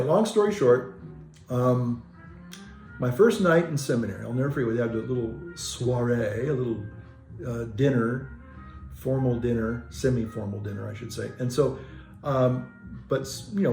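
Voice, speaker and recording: A man's voice: medium pitch, warm tone, echoey room. A man who is a Catholic priest, telling a story casually in a rambling way, with restarts and self-corrections.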